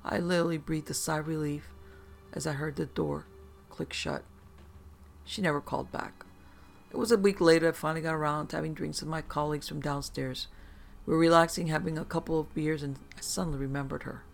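Gravelly narrator telling a horror story. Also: mid-range voice, fairly even intonation, fairly quick, soft background music.

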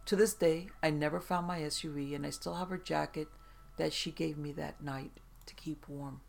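A storyteller giving a steady, even reading of first-person tales, including a spooky one. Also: mid-range voice, normal speed, creaky.

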